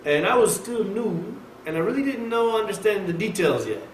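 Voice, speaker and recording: A man giving a conversational sermon at a mosque, lecturing in an emphatic, animated way. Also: high voice, moderate pace. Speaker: mosque speaker. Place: mosque hall. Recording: echoey hall, mic far off, faint hiss.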